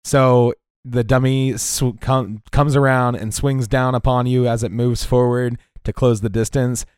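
A man narrating a tabletop game as game master in a relaxed storytelling manner with frequent fillers. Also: mid-range voice, unhurried, clear, resonant tone, no room sound, clean studio sound.

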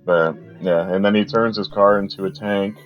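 A man co-hosting a movie podcast, calmly walking through the plot step by step. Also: lowish voice, dull audio, soft background music. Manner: slow, even plot recapping. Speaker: podcast co-host. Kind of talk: casual movie recap.

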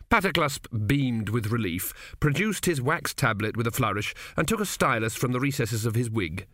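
A man narrating a comic fantasy audiobook in a measured, even storytelling manner. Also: mid-range voice, dry recording, studio quality. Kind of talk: scripted narration.

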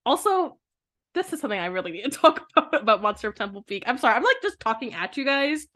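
Bright, giggly young woman podcaster. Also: fairly high pitch, sing-song, quick pace. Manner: giggly, slangy, rambling storytelling. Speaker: podcast co-host. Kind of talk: casual chat.

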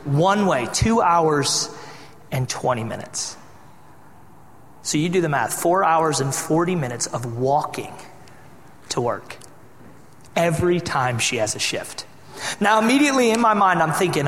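A young man from Michigan preaching a sermon as a pastor, telling a personal story in a relaxed, conversational way and teasing the congregation. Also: on the high side, measured pace, long pauses, a little hiss or hum. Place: church hall. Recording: echoey hall sound.

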